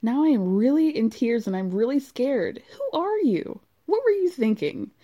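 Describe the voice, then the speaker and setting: A woman's voice: a little high, very animated, moderate pace, mellow, pitched above the performer's own voice. A woman voicing a frantic middle-aged mother who scolds her daughter, reading the letter in an overwrought, melodramatic way. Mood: distraught.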